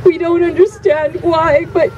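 Tearful high-voiced woman pleading slowly. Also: steady tone, lo-fi sound. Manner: halting, pleading. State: crying. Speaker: grieving mother speaking at a vigil. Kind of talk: emotional public appeal. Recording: distant mic, crowd and street noise.

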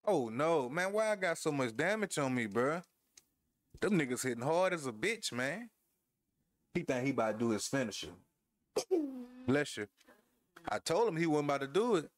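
On the high side with big pitch swings, this man speaks at normal speed but leaves long pauses. He's a gamer on a headset, casually calling his wrestling match, ribbing his opponent, and laughing with viewers.

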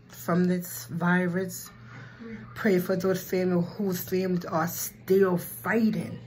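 A woman vlogger in casual chat, talking slowly and from the heart, with a Black way of speaking and frequent ums. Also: lowish voice, low-quality recording. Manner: slow and heartfelt, with filler ums.

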